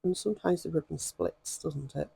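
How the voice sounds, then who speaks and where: A woman with a hoarse voice, chatting and rambling with many ums as she demonstrates stitching in a craft vlog. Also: low voice, moderate pace, dark tone, no echo. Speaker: craft vlogger.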